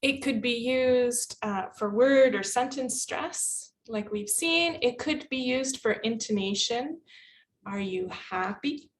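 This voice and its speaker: An encouraging, playful woman teacher presents at a workshop. Her voice is high and her pace unhurried. She sounds a little far from the mic.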